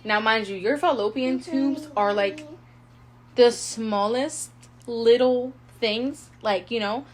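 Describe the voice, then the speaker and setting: A woman's voice: a little high, slow pace. A young woman in her twenties co-hosting a podcast, telling a personal story in a casual, chatty way, full of "like" and quoted thoughts. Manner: chatty, heavy use of "like", animated retelling with quoted inner thoughts. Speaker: podcast co-host.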